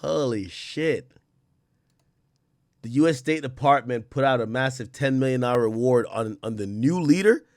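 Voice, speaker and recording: A man's voice: medium pitch, moderate pace, darkish tone, no room sound, studio quality. A man in his thirties giving blunt, profane commentary as he reacts to news clips, laughing often.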